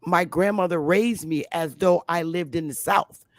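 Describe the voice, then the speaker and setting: A woman from Connecticut hosting a casual conversation, talking in a slow, emphatic, outspoken way. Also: fairly low pitch, no room sound. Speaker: host.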